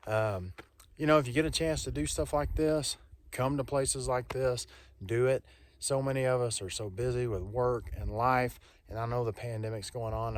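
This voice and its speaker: A middle-aged man, talking in a friendly, rambling, folksy way in a casual vlog while outdoors on a canyon hiking trail. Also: fairly low pitch. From Texas. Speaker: vlogger.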